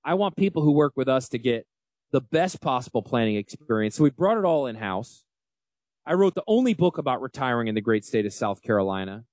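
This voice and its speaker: A man in his forties with a Northern US accent, hosting a casual financial talk radio show in an animated, emphatic and folksy way. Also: medium pitch, fairly quick, no echo. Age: 40s. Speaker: financial advisor radio host.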